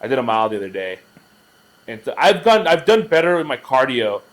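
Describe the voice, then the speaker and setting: Fast-talking man telling animated stories. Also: medium pitch. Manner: animated storyteller, acts out exchanges with kids. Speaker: wrestling coach and podcast host. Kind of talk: casual chat.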